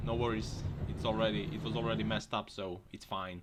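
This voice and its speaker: A man hosting a casual video, laughing often and shouting at what he sees on screen, joking as he goes. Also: mid-range voice, steady tone, normal speed. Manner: laughs often, exclaims loudly at crashes; jokey, slips into silly put-on voices. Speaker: host. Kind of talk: casual commentary over clips. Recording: noisy background.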